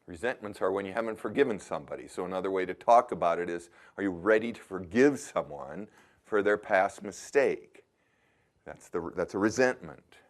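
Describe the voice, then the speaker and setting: A deep-voiced workshop leader gives a motivational talk at normal speed. He addresses the audience with pointed questions and coaches them in straightforward, conversational language, with a few hesitations along the way.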